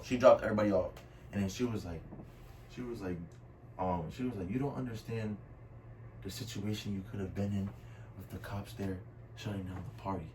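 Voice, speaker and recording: A man's voice: on the low side, a little mellow. A young man, casually telling a storytime, full of slang and "I was like.". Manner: slangy, says "bro" and "I was like" a lot. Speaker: storytime vlogger. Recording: somewhat distant mic with faint room noise.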